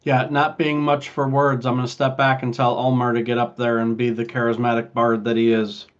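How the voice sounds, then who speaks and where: A man's voice: medium pitch, completely flat delivery, a little fast, highs cut off. A man playing a tabletop game, speaking in a matter-of-fact way. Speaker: player. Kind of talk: tabletop game role-play.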